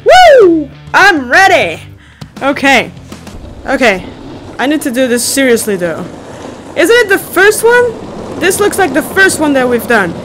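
Shrieking high-voiced young woman gamer. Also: a little slow, pauses often. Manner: excitable, shrieking and laughing a lot. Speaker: gaming channel host. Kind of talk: screaming VR gameplay commentary. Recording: game music underneath.

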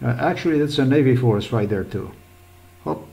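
Agitated rambling man, mid-pitched. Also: moderate pace, gravelly, dark tone, poor audio. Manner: agitated, rambling, swearing often. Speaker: vlogger. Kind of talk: rambling screen-recorded commentary.

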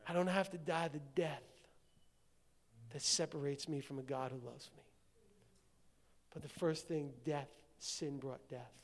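A man's voice: a little high, steady tone, a little slow, pauses often. Preaching man in a reverberant church hall. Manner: dramatic swings from shouting to hushed. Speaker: pastor. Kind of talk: sermon. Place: church sanctuary.

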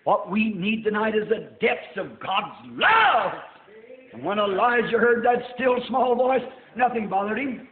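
An older man preaching a sermon in a church, folksy and rising to shouts. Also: high-pitched, animated, measured pace. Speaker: pastor. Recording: tinny roomy old sermon tape.

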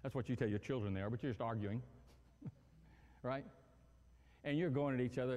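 A male pastor preaching a sermon in an animated, humorous way, acting out everyday scenes. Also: mid-range voice, brisk, long pauses, in a large hall. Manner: animated, acts out quarrels and phone calls with humor.

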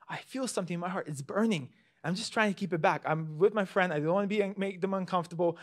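Young male evangelist, high-pitched, earnest sermon storyteller who repeats himself. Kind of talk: sermon with personal testimony.

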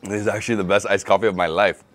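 A man's voice: lowish voice, steady tone, racing, music in the background. A man hosting a food tour, talking in an enthusiastic, exclaiming way on a restaurant terrace. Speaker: food vlogger host. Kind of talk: casual food tour chat.

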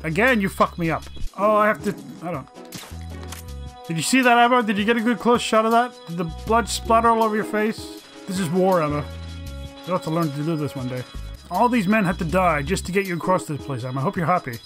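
A man's voice: high voice, lively intonation, a little fast, a bit bright, faint music behind. A man doing let's play commentary, swearing and mock-dramatically teasing the game's characters.

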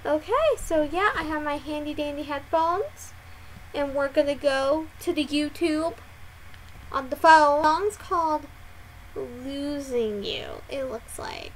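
A woman hosting a casual music reaction vlog, excitable and given to loud, dramatic exclamations and frequent swearing. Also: sits high, slow pace, a little hiss or hum.

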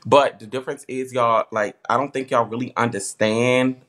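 A man's voice: medium pitch, fairly even intonation, normal speed, a bit bright. A man hosting a live stream, chatting casually in a heartfelt, rambling way full of filler words.

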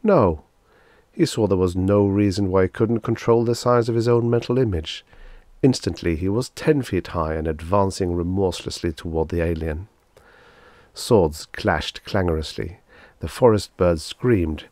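A man narrating a science fiction short story in a measured, steady reading. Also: low-pitched, no room sound. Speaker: audiobook narrator.

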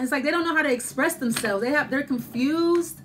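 A woman's voice: high-pitched, normal speed, fairly bright tone, slight background noise. A woman giving a casual tarot reading, thinking aloud as she pulls cards, repeating herself and speaking straight to the listener. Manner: rambling, repetitive, thinking aloud while pulling cards; addresses the listener directly and reassuringly. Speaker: tarot reader.

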